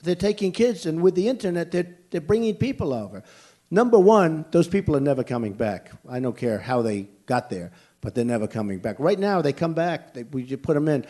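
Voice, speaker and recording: A man's voice: on the high side, very animated, fairly quick, mellow. Blunt, emphatic older American man. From United States. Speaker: presidential candidate at a rally. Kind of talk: campaign rally Q&A. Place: large indoor venue.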